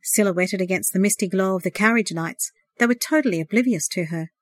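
A woman reads a novel aloud in a measured, expressive way, her voice sitting at an ordinary middle pitch. The sound is dry and close, with no room around it. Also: no echo. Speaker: narrator. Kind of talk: audiobook narration.

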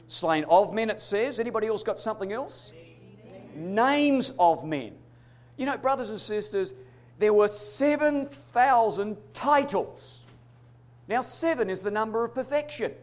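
A man preaching a sermon, emphatic, swinging between loud declarations and hushed asides. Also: high voice. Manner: addresses congregation as brothers and sisters.

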